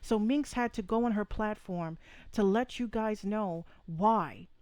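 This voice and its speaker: A woman's voice: mid-range voice, a little slow, a little mellow, dry recording. Woman podcast host, brash and profane, hammers her points home; dry, close mic. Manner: blunt, profane, emphatic, repeats points. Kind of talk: opinionated live podcast rant.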